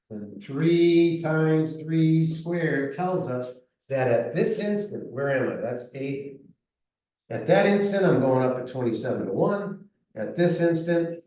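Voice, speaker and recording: A man's voice: a little high, dark tone, far from the mic. A man teaching a math lesson at a whiteboard, counting aloud as he works and checking in with "right?" as he goes. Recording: echoey room, voice from afar.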